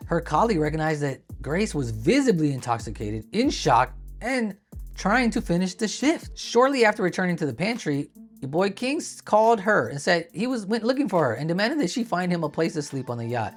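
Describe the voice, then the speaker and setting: A woman's voice: on the low side, sing-song, a little fast, soft background music. A woman giving casual commentary as she reads a court document aloud, adding sarcastic asides and jokes. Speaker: online commentator.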